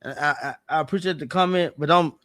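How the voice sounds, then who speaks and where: A man's voice: on the high side, steady tone, fast talker, a bit bright. Rambling, slangy man on a livestream. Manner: rambling, repeats himself, slangy; aggrieved, earnest. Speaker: streamer guest. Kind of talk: casual livestream talk.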